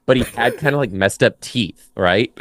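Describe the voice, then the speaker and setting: A former teacher, a man guesting on a casual podcast, emphatic and profane, jumping high in pitch when he quotes himself. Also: normal speed, creaky, a bit bright, no echo, clean studio sound. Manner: emphatic, swears freely, big pitch jumps when quoting.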